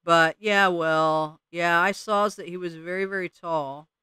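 A man doing a slow, drawling old mole. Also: a little high, steady tone, pushed and bright, smooth, no echo. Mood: rambling. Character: slow, dim, henpecked male mole.

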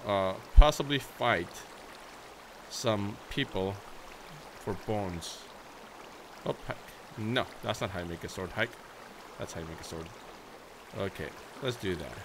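Playful young gaming commentator, noisy mic. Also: male voice, lowish voice. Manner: playful, chatty, talks to viewers as "guys"; bursts into shrieks and baby talk at his horse. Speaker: gaming YouTuber. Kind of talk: Minecraft let's play commentary.

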